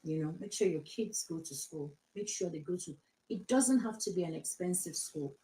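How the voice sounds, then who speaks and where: A woman's voice: fairly low pitch, normal speed, warm tone. Emphatic Nigerian woman in an echoey room. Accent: mixed Nigerian, British and American. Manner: emphatic, repeats her advice, slips into Yoruba phrases. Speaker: social media live host. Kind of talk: casual live-stream talk.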